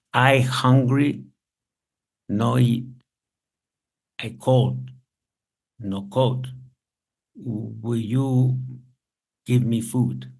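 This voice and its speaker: A poor, hungry migrant man , as a man puts him on, pleads slowly in halting, broken English. The voice keeps a gravelly undertone. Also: medium pitch, a little mellow.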